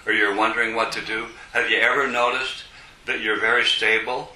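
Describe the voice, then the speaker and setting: A man leading a study group, reading a text aloud slowly and explaining it with frequent restarts. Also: fairly low pitch, flat delivery, sharp tone. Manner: slow, deliberate, with many restarts. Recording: echoey room picked up from a distance, faint noise.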